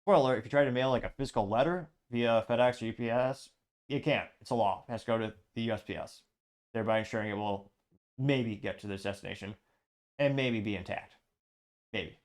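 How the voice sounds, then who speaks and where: A man's voice: medium pitch, fast talker. A man hosting an online show, reading viewer comments aloud and giving chatty, sarcastic political commentary. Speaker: show host.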